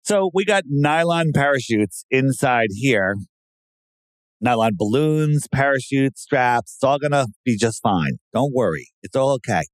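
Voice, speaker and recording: A man talking casually and sarcastically, who often breaks into loud mocking impressions of other people. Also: mid-range voice, unhurried, no echo. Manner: animated, sarcastic, mimics voices loudly. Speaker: podcast guest. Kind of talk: casual conspiracy talk.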